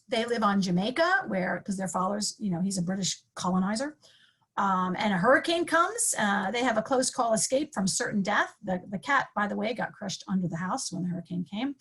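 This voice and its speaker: A woman's voice: fairly high pitch, fairly bright tone, husky. A woman English professor talking through book recommendations in a conversational way, with frequent ums and self-corrections. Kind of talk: recorded book-recommendation talk.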